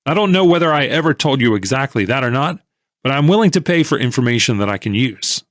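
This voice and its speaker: A calm, mild old stock operator answers with quiet questions in an audiobook, voiced by a man. He speaks unhurried, with lively pitch in a dry close recording. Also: no echo, lightly acted. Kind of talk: audiobook character reading.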